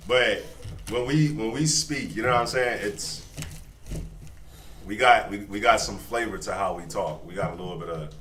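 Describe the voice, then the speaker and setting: A man leading a Bible study, explaining scripture in a relaxed, slangy way and laughing often. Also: fairly low pitch, moderate pace. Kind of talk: casual Bible study commentary. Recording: echoey room, far from mic, faint noise.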